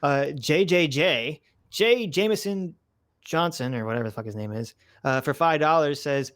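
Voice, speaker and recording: Guy cohosting a livestream, laughs a lot, reads donation messages out loud, casual banter. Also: on the high side, normal speed, clean tone. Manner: joking, laughs often, reads viewer messages aloud. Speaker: livestream co-host reading donations. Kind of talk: casual chat.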